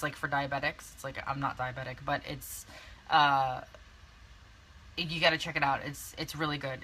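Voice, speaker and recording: Speaking in a low-pitched voice that is pushed and bright, a young network marketing coach hosts a casual live stream, laughing frequently with many fillers and restarts. The phone or webcam recording is rough, carrying a little hiss or hum.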